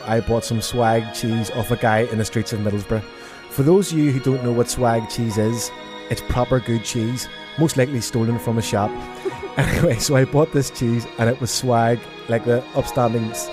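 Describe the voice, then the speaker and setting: A young man hosting a student radio advice show, telling a story in an animated way and laughing often. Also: mid-range voice, normal speed. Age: young adult. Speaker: radio host. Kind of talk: casual chat. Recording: music playing in the background.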